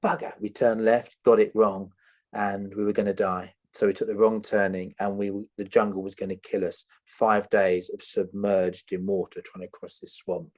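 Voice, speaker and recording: Lively man with a low voice. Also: moderate pace. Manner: lively, acting out voices, laughing. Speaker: guest. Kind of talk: storytelling in a podcast interview.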